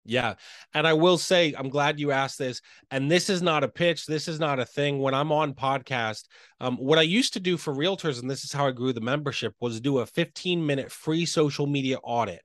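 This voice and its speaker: A man speaking as a podcast guest and real estate coach, talking quickly and earnestly and often checking in with "right?". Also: on the high side, a bit bright, no room sound, clean studio sound. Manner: earnest, fast, enthusiastic talker with frequent "right?" tags.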